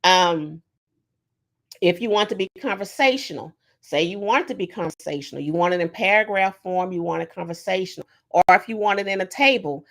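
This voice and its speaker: Brief: woman on a video call, fairly low voice, casual teaching tone, loose and chatty with fillers. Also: brisk, creaky. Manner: conversational, many fillers, acts out sample prompts. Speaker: workshop presenter.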